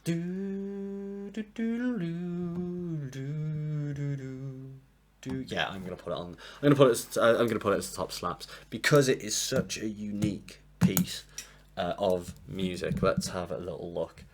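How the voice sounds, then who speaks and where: A low-voiced man, in his late twenties, talks through a music ranking from his desk mic. He rambles and sounds sleep-deprived, and he is quick to put himself down and apologise. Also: slight background noise. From England. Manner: rambling, self-deprecating, apologetic. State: tired from lack of sleep. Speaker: music reviewer. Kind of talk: casual album ranking monologue. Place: home room at a desk. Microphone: desk mic propped up, sometimes knocked.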